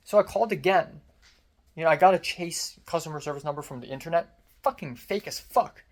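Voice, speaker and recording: Man, vlog rant: foul-mouthed, sarcastic, self-blaming, voice strained from screaming. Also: high-pitched. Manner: angry, profane, self-mocking, sarcastic. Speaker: vlogger. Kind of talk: personal rant.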